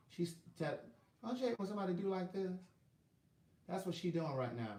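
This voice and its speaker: A man's voice: high voice, sing-song, fairly quick, long pauses, warm tone. A man with a Southern US accent hosting a casual live stream, rambling and talking to viewers by name while checking his phone. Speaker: livestream host selling books. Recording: echoey room.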